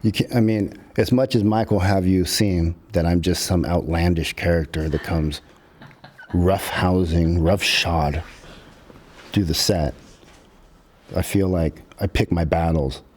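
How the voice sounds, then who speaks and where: Middle-aged man, lowish voice; animated, profane raconteur who acts out quotes. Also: unhurried. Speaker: podcast guest, filmmaker. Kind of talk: casual storytelling.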